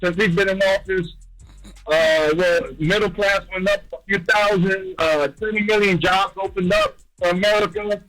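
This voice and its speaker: Radio caller: high-voiced man from New Jersey, hyped, blunt, faint music underneath. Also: lively intonation, moderate pace, fairly bright tone, rough recording. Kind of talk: radio call-in.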